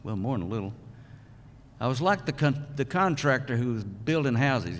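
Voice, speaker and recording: A man's voice: medium pitch, animated, slight background noise. Older man, folksy, big hall echo. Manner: folksy, halting storyteller with many pauses. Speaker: hall of fame inductee. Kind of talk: acceptance speech with a folksy joke. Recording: long reverb of a large hall.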